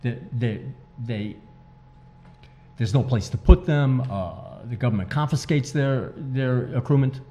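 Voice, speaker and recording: Earnest man with a dark, mellow voice. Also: medium pitch, unhurried. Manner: earnest, emphatic, repeats key points. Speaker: author and activist guest. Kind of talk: interview talk.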